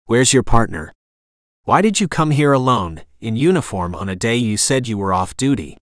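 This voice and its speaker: Man reading a calm, commanding ex-SEAL. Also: mid-range voice, moderate pace, no echo, studio quality, close to an everyday voice. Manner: calm, clipped orders. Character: tough retired male navy SEAL, calm, commanding.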